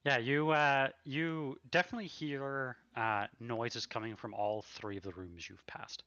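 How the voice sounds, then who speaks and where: A man's voice: mid-range voice, steady tone, measured pace, sharp tone, no room sound, muffled recording. A man running a tabletop game as game master, with a hesitant way of talking and many fillers.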